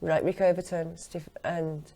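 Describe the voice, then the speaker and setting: A middle-aged English woman hosting an interview, talking quickly and chattily with frequent laughter. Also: on the low side, flat delivery, vocal fry, mellow. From England. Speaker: podcast host. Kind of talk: casual interview chat.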